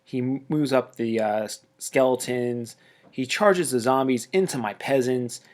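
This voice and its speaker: Man, casual battle report, chatty, excitable, jokey asides. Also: mid-range voice, measured pace. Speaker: tabletop wargame player.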